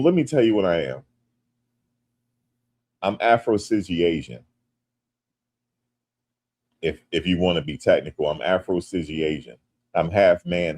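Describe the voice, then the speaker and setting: Deep-voiced joking American man streaming. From United States. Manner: animated and joking, rising loud when teased. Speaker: livestream host. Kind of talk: casual livestream chat, reading comments.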